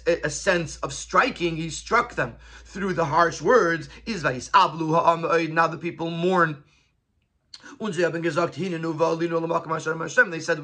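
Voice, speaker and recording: A man's voice: high-pitched, pushed and bright. A man teaching a Torah class, quoting Hebrew and Yiddish phrases and then explaining them in English.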